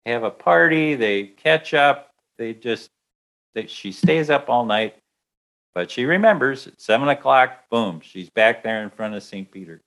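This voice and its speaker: A man telling a story aloud in a lively way, acting out the voices. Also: mid-range voice, unhurried. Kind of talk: telling an anecdote.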